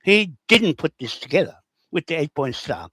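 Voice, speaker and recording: Combative New man, lively high voice. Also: normal speed, dry recording. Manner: rough, confrontational, repeats himself. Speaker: livestream host answering comments. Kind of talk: rambling, combative livestream talk.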